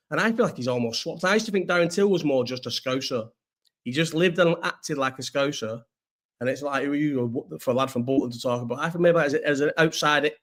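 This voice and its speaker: A man's voice: a little high, a bit bright. A young man chatting casually on a livestream, rambling, swearing and answering viewers. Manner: rambling, slangy, swears freely, answers chat. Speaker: streamer reacting to chat.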